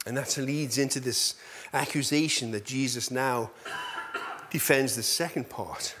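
A male pastor preaching a sermon in an animated, self-deprecating way, full of rhetorical questions. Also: medium pitch, unhurried.

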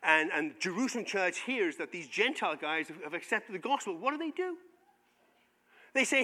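High, bright-voiced preacher in a reverberant hall. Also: male voice, moderate pace. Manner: animated storytelling, acts out biblical voices in casual modern speech. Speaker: pastor. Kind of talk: sermon.

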